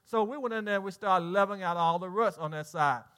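High, bright-voiced preacher man. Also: quick pace, smooth. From Southern United States. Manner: animated storytelling preacher, chuckles at himself. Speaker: pastor. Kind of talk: sermon. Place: church sanctuary.

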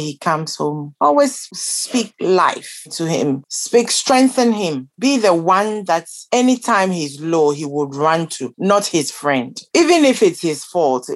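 A middle-aged woman, a guest on a podcast, speaking in an earnest, encouraging way. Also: on the low side. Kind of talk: casual conversation.

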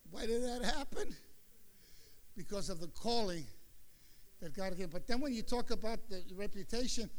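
High-voiced older male preacher. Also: clear, resonant tone. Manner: storytelling preacher, swings between mumbled asides and loud exclamations. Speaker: pastor. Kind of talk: sermon.

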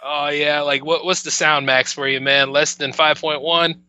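A man's voice: a little high, flat delivery, moderate pace, bright, forceful tone, clear, resonant tone, dry recording. A man from Delaware on a casual podcast, ranting animatedly with laughs. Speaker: podcast guest.

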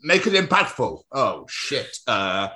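Lively, jokey Scottish man. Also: medium pitch, takes it slowly. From Scotland. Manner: jokey, swears freely, rambling asides. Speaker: podcast co-host. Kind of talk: casual chat.

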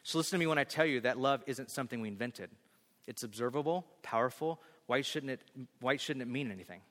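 A man voicing an earnest female scientist, reading her lines lower, quicker and softer than his own talk. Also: natural voice. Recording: long hall reverb.

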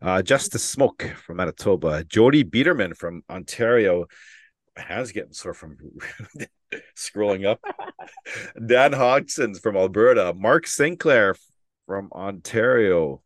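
Low-voiced guy co-hosting a podcast, laughs a lot, reading names off his phone, dry close sound. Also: animated, measured pace, no echo. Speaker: podcast co-host. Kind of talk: casual podcast chat.

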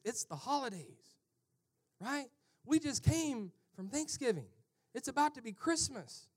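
Man, pastor, high voice, sermon, loud-to-hushed swings. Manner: swings from loud emphatic calls to hushed near-whispers; acts out characters in mocking voices.

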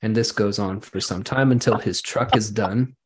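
A podcast host with a somewhat low voice spins a long, wry anecdote for his co-host. He talks casually and lingers on small details, setting the scene piece by piece. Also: normal speed. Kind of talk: casual storytelling chat.

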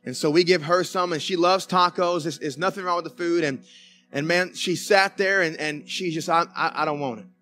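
A Southern US pastor preaches in a church sanctuary with a bright voice pitched high for a man, telling folksy stories and calling out to the congregation for an amen. He speaks at a normal pace with fairly even intonation, while soft music plays faintly beneath.

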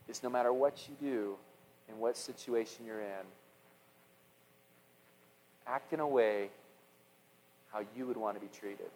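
A middle-aged man preaching a sermon as pastor, animated, with repeated words and restarts, swinging from loud passages to hushed ones. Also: medium pitch, long reverb tail, slight background noise, low-quality recording.

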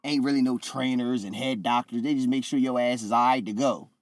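A man co-hosting a casual wrestling podcast, telling stories in an animated way and acting out what people said. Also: medium pitch, brisk, no room sound, clean studio sound. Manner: animated storyteller, acts out quotes. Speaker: podcast co-host.

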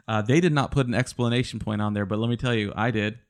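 A man's voice: mid-range voice, steady tone, quick pace, slight background noise. A man hosting a family podcast over a video call, joking and teasing his guests. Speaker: podcast host. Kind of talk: casual chat.

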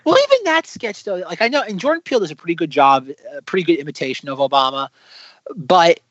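A man co-hosting a podcast, casually critiquing comedy sketches in an animated way, often mimicking other voices. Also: a little high, fast talker, highs cut off. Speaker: podcast co-host. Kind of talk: casual chat reviewing sketches.

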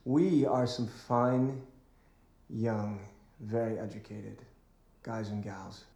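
A man's voice: fairly low pitch, fairly even intonation, slow pace, vocal fry, mellow, reverberant. An actor playing a polite, menacing young male masked gang leader in a film clip, with a mock-courteous, theatrical delivery. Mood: menacingly polite. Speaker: film villain in a played clip.

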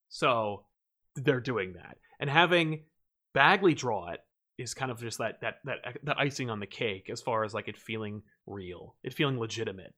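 A man's voice: mid-range voice, expressive, normal speed, fairly bright tone. A man co-hosting a podcast in casual chat, rambling with many fillers and restarts as he retells stories with animation.

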